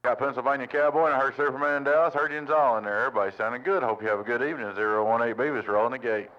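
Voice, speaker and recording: A CB radio operator from Tennessee chats in a friendly way over the air, repeating his call-sign sign-offs again and again. His mid-range voice races along, heard through lo-fi radio with static.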